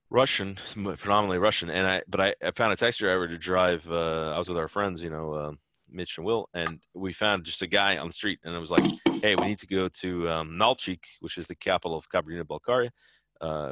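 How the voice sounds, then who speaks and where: Low-voiced man rambling in an interview. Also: a bit bright, no room sound, clean studio sound. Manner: rambling, many fillers and restarts. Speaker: interview guest, traveler. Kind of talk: casual conversational interview.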